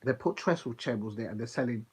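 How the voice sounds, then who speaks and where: Chatty man, slightly husky. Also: mid-range voice, fast. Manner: chatty, digressive, animated storytelling with filler ums. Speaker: football watch-along streamer. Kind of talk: casual rambling chat.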